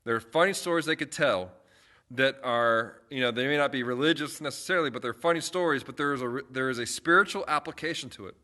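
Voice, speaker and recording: A man's voice: medium pitch, quick pace, pushed and bright. A young man, a youth pastor, chatting casually on a livestream and telling stories with lots of fillers and restarts.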